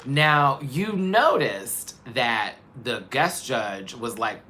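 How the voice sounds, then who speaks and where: Male host, candid and animated commentary, bright voice, faint noise behind. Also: mid-range voice, very slow. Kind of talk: casual commentary.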